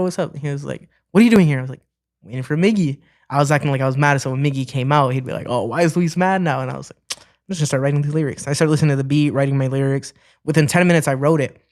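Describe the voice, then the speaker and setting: A young man from Ohio, a musician guest, telling stories casually in an interview and acting out what people said. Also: mid-range voice. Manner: animated, acts out quoted dialogue.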